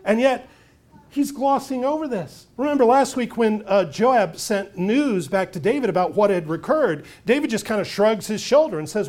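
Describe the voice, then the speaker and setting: A man preaching a sermon as pastor, swinging between hushed asides and loud, emphatic points. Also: high-pitched, animated, normal speed.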